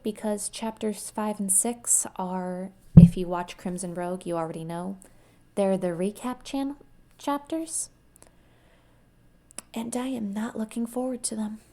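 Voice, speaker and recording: A young adult woman reading a first-person audiobook chapter in a plain, unhurried way, then chatting casually with her listeners. She is recording under a heavy blanket at home. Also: mid-range voice, creaky, warm tone. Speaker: amateur audiobook reader.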